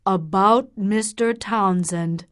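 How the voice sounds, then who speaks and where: A woman reading the lines of a stern middle-aged doctor and father, in a grave, measured, warning way. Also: mid-range voice. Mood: reproachful.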